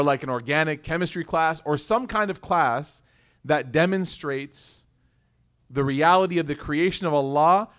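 A man with a slightly higher voice delivers a lively religious lecture. He keeps asking his listeners rhetorical questions. He breaks it up with casual, joking asides. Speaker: Islamic lecturer.

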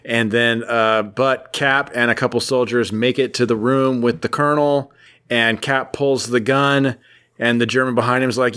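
A man's voice: medium pitch, steady tone, moderate pace, a bit bright, clean tone. Man recapping a comic, jokey. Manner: jokey, rambling storyteller. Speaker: podcast co-host. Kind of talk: casual comic book recap.

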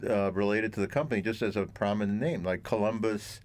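A man's voice: on the low side, a little fast. Chatty rambling man. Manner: rambling, chatty, full of fillers. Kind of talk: casual chat.

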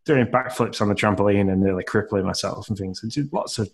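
A man's voice: lowish voice, fast, gravelly. A man in his thirties, co-hosting a podcast and telling a rambling, self-deprecating story full of fillers. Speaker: podcast co-host. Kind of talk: casual chat, storytelling.

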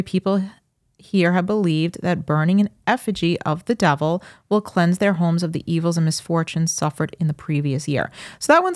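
A woman in her thirties chats casually with a softened New York accent, thinking aloud as she goes. Her voice sits a bit low for a woman. The sound is dry and close, with no room around it. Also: dry recording. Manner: chatty, thinks aloud with restarts. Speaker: podcast co-host. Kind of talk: casual chat.

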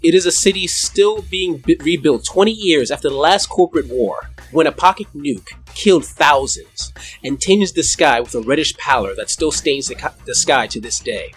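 A man narrates as game master in a slightly high voice. He sets the scene in a dramatic storytelling style. Faint music plays underneath.

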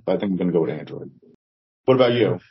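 A man with a New Jersey accent talks as a podcast guest in a lowish, husky voice. He answers hesitantly, circling back and repeating himself, and the audio sounds dull and lo-fi. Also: lively intonation, racing. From New Jersey, United States. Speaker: author guest. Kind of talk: casual interview chat.

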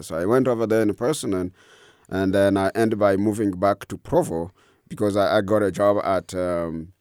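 A middle-aged man speaks in a fairly low voice, telling his life story as an interview guest. His English is learned, halting and full of fillers and restarts. The sound is dry and close, with no room echo. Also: steady tone, darkish tone, clean tone. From Democratic Republic of Congo. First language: not English.

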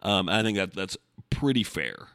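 A man's voice: sits low, very animated, moderate pace, gravelly, a bit bright, clean tone, dry recording, studio quality. A man hosting a casual solo podcast from home, blunt and profane, rambling with restarts. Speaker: podcast host. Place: home, recording before the gym.

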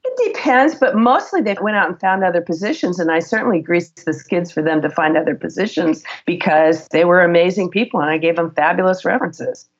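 A middle-aged woman, a guest in an interview, telling work stories in an animated way and laughing as she goes. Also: lowish voice, brisk, hardly any pauses, highs cut off. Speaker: guest, former HR executive. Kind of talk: conversational interview storytelling.

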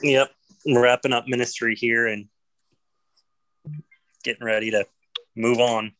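Friendly pastor with a dry close sound. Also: male voice, mid-range voice, flat delivery, a little slow, fairly bright tone, dry recording, low-quality recording. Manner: friendly, laughs easily, self-deprecating. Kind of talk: casual chat.

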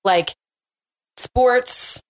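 A woman's voice: a little high, very slow, dry recording. A young adult woman, a guest in a casual conversation, talking in an upbeat way and often backing the host with "mm-hmm". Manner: upbeat, frequent "mm-hmm" backchannels.

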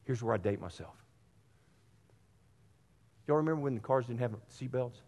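A man's voice: mid-range voice, normal speed, darkish tone. Earnest male pastor preaching in a reverberant hall. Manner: earnest, addresses congregation directly, repeats phrases for emphasis. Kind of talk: sermon. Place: church sanctuary.

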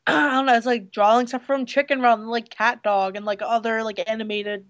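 A woman co-hosting a casual movie review chat, hoarse from losing her voice, blunt and hesitant with many fillers. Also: on the high side, fairly even intonation, moderate pace, a bit bright, dull audio. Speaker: podcast co-host reviewing a movie.

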